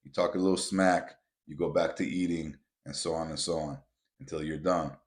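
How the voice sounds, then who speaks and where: A man with a low voice hosts a motivational podcast, talking straight to his listeners. He is blunt and profane and often works himself up into loud, emphatic rants. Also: steady tone, normal speed. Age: adult with children. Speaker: podcast host.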